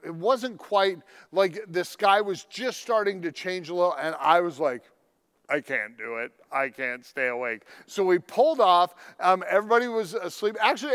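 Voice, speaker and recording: A man preaching a sermon with a slightly higher-than-usual voice. He talks like he's telling friends a story, easy and chatty. Then he punches key lines with sudden loud emphasis. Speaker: pastor.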